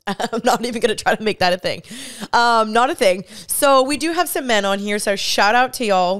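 Woman, twenties, podcast host, bubbly, chatty, smooth clear voice, indoor podcast mic. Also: mid-range voice, fairly bright tone. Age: 20s. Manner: bubbly, chatty, laughs often. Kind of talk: casual solo podcast chat. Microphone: studio podcast mic, seen on camera.

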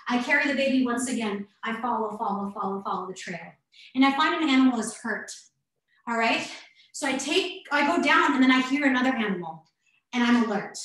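A woman dance instructor leading a guided movement exercise over a video class, narrating slowly step by step with coaching asides. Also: fairly high pitch. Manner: slow guiding narration in first person, warm coaching asides. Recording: very echoey room.

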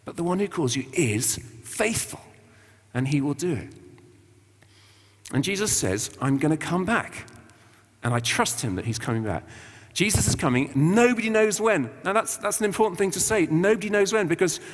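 A man's voice: a little high, very animated, normal speed. A man preaches in a loose, conversational way, his voice leaping up and down as he acts out little scenes with slang. His voice rings out in a church, trailing off in a long reverb. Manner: chatty and colloquial, acting out quotes with slang. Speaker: visiting preacher. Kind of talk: informal sermon.

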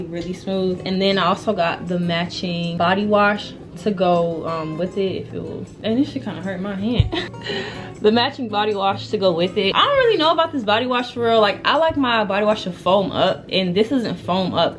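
A young woman chats straight into her phone or camera at home, easygoing and full of slang, often stopping mid-sentence to start again. Her pitch sits in a middle range for a woman. Music plays clearly in the background. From United States. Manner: chatty, slangy, self-interrupting. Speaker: vlogger. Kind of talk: casual vlog chat. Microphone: camera or phone mic. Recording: music playing behind.

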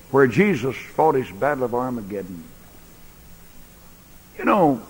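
A man preaching a sermon in a large church, folksy, swinging between loud bursts and quiet asides. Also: medium pitch, slightly rough. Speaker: pastor. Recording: echoey church hall recording.

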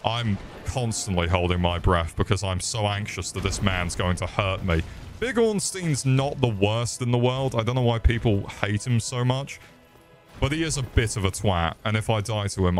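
Man, low voice, sweary, jokey game commentary, faint music behind. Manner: sweary, jokey, yelps in panic. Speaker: streamer.

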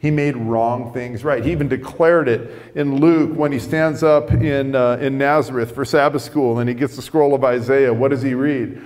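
A man's voice: medium pitch, steady tone, normal speed, hardly any pauses, a little mellow. Conversational preacher man in an echoey hall. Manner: conversational, self-deprecating, repeats and restarts. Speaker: pastor. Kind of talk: storytelling sermon.

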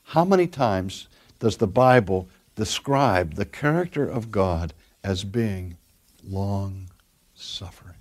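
An older man, a pastor, preaching a sermon and telling stories, dropping his voice soft and then pushing it strong for emphasis. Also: lowish voice, very animated, takes it slowly. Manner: storytelling, varies loudness from soft to emphatic.

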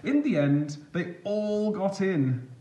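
A man reading a picture book aloud as a storyteller, gentle and expressive. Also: high-pitched, slow pace, echoey room, muffled recording, a little hiss or hum.

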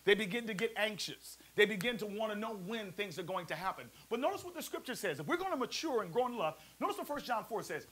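A man preaching a sermon as pastor, lively and playful, calling on the congregation to answer back. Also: high voice, fast talker, hardly any pauses, breathy edge, poor audio. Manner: preachy, call-and-response, playful asides. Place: church service also streamed to a prayer line.

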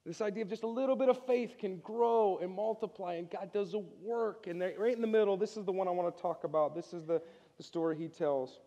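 A high-voiced male pastor delivers a lively sermon, joking and calling on his congregation to answer back. His voice rings out in a church sanctuary with a long echo trailing behind each line. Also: brisk, highs cut off. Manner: energetic, joking, calls on the congregation to respond.

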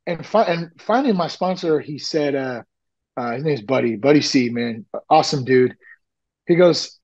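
A man talking candidly as a podcast guest, rambling with lots of fillers and lively retellings. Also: mid-range voice, normal speed, lo-fi sound. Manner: rambling, frequent "like" and "you know", animated retellings. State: nearly ten years sober. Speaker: podcast guest, recovery coach. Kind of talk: candid conversational storytelling.

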